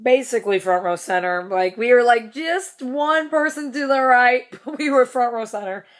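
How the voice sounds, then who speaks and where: A woman's voice: on the high side, normal speed. A young woman telling a story in a casual vlog, rambling, swearing casually and laughing between lines. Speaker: vlogger.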